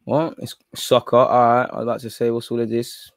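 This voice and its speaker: Chatting casually while hosting a live stream, this man rambles in slang, bouncing from quiet muttering to sudden excited bursts. He talks at normal speed, and the audio is clean studio sound without echo.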